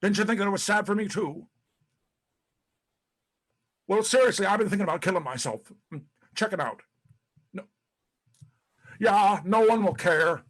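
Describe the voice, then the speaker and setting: A man's voice: sits high, moderate pace, pauses often, a bit bright. A man playing a disgraced, paranoid ex-president in a one-man stage monologue, profane and rambling, stammering between bluster and self-pity. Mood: bitter, self-pitying. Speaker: actor in a one-man play. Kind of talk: live-streamed stage monologue.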